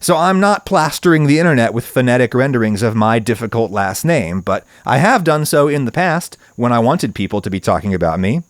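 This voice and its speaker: A man's voice: mid-range voice, expressive, a little fast, few pauses, dry recording, clean studio sound. A man hosting a solo podcast, talking in a wry, opinionated, conversational way. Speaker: podcast host.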